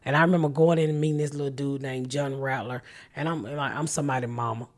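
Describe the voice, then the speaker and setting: A woman's voice: a bass voice, fairly even intonation, fast. A middle-aged woman hosting a podcast, telling stories in blunt, profane casual chat and laughing often. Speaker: podcast host.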